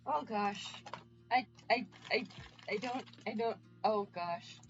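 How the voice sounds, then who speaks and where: A woman streamer chatting live with viewers, excited, stammering and repeating exclamations. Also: mid-range voice, takes it slowly, highs cut off, over music.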